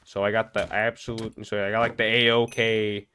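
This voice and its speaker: A young man with a fairly low voice talks fast and loose, rambling and tripping over his words as he narrates. He sounds wired and energetic from a sleepless night. Faint clicking runs underneath. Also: slight background noise. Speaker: gaming vlogger. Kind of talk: casual commentary over gameplay.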